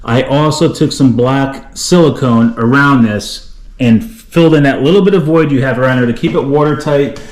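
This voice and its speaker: Middle-aged male DIY host, casual and rambling, plain mid-pitched voice, lots of fillers. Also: moderate pace. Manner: folksy, rambling, lots of "you know" and "uh". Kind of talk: casual how-to walkthrough.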